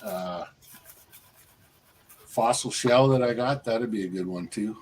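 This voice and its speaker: A man's voice: on the low side, slow pace, breathy edge, low-quality recording. A man chatting casually as a live panel guest, easygoing and restarting his phrases often. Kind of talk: casual chat.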